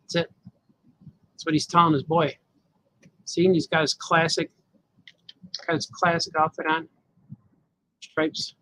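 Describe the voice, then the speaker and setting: A male cartoonist livestreams himself coloring his comic pages, chatting and rambling casually to viewers as he works. His voice is fairly high, level and slightly bright, with a measured pace and frequent pauses. The recording quality is rough.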